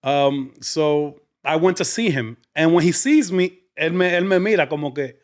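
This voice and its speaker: A man, a comedian guest on a podcast, telling anecdotes in relaxed English mixed with Spanish. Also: fairly high pitch, normal speed. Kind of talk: casual storytelling chat.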